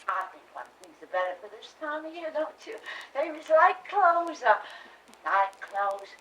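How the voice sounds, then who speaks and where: A woman's voice: sits high, big pitch swings, unhurried, fairly bright tone, a little hiss or hum, exaggerated voice. An actress playing a faded Southern belle mother who gushes and rambles with little laughs, in a Southern accent. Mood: gushing. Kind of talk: stage play scene. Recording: roomy stage sound from far off.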